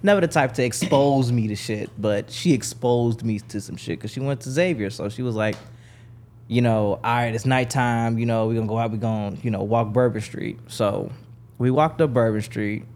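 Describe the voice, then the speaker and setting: Animated young man telling stories. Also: moderate pace. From Chicago. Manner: animated storyteller, acts out quoted people in a higher voice. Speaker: podcast guest. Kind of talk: casual storytelling chat.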